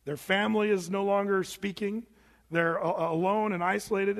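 Pastor, male, high-pitched, chatty preaching style, long hall reverb. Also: normal speed. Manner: conversational preaching with lively asides and acted-out quotes. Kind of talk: sermon.

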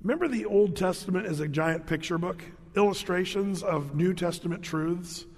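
Preacher, male, high-pitched, storytelling sermon style with playful asides, long hall echo. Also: moderate pace. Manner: storytelling, acts out quoted speakers with humor. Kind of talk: conversational Bible-teaching sermon. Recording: long reverb of a large hall.

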